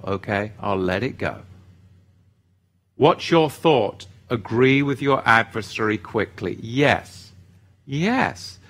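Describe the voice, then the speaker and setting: A man hosting a religious livestream, reading viewer comments and chatting about scripture in an animated, fired-up way. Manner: animated, gets fired up and swings his pitch. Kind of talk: casual livestream chat with scripture talk.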